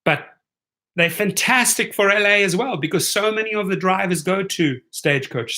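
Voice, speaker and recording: A middle-aged man giving an energetic, motivational talk as a driving coach, often checking in with viewers by asking "right?". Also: fairly high pitch.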